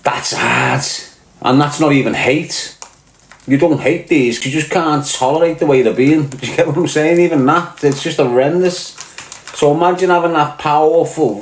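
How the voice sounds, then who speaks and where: A man's voice: mid-range voice, roomy sound, low-quality recording. A middle-aged man with a Liverpool accent, ranting bluntly and swearing, firing rhetorical questions at his viewers. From Liverpool, England. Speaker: podcast host.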